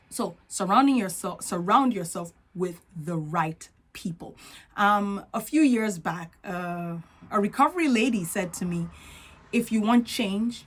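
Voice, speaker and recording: An earnest woman with a non-native accent coaches her audience on confidence in a motivational talk. Her voice sits at a medium pitch, and she keeps checking in with the listener. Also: husky. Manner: earnest, coaching, often asks "right?".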